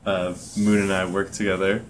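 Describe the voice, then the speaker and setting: A man's voice: low voice, flat delivery, moderate pace, slight background noise. A man co-hosting a podcast, telling a work story in a laid-back casual chat with lots of fillers. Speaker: podcast co-host.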